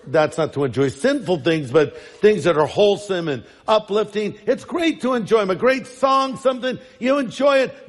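High-voiced preacher in an echoing hall. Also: male voice. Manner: emphatic, rhetorical questions. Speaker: pastor. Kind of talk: sermon. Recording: long reverb in large hall.

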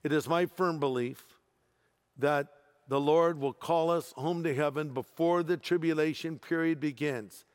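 A man preaches a sermon, his voice sitting a little higher than most men's. He drives home his points with emphasis and drops in dry jokes along the way. Everything echoes with the long reverb of a large hall. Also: steady tone, unhurried, clear, resonant tone. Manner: emphatic preaching with humorous asides. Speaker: pastor.

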